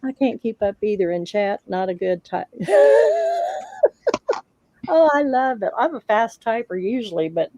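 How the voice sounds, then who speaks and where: Dark-voiced woman hosting a craft livestream. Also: mid-range voice, expressive, a little slow, long pauses, muffled recording. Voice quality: laughs often while reading chat. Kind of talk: casual livestream chat.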